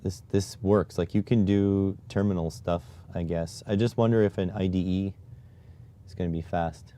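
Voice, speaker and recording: A man's voice: low-pitched, fairly even intonation, normal speed, dark tone. A man from Canada chatting casually on a live stream, muttering to himself while typing and reading chat. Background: keyboard typing.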